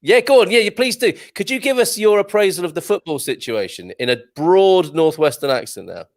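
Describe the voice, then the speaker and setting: A man's voice: high-pitched, animated, dry recording, clean studio sound. An English man co-hosting a casual chat show over a video call, jokey and teasing. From England. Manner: jokey, teasing, quick to laugh. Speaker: co-host.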